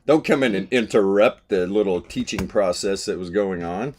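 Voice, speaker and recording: A man's voice: sits low, moderate pace, darkish tone, a little hiss or hum. A man hosting a live trading stream, chatting casually about charts, swearing and laughing as he tells stories. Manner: laid-back, swears, laughs while telling stories.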